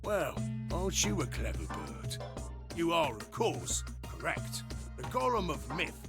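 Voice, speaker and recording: An actor playing a grumbling male robot golem with a Cockney accent and slangy, gravelly speech in a video game. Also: fairly high pitch, wildly swooping pitch, a little slow, heavily acted. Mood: chummy. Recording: game audio under music.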